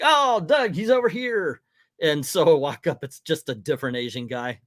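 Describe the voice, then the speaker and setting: A middle-aged man hosts a casual livestream from in front of a green screen. He rambles frankly and hesitates often. His voice sits at an ordinary pitch in a dry, close sound. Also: dry recording. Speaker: livestream host.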